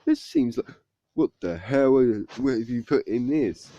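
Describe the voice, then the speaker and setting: A man's voice: medium pitch, expressive, a little slow, mellow, dry recording. A man voicing an upset young woman, the older sister, who exclaims in shock at what she reads. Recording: dull lo-fi recording.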